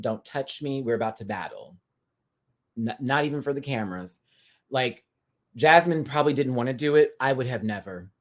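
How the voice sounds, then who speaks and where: A young adult man hosting a live show review, ranting with big swings from low mutters to loud squeals and laughter.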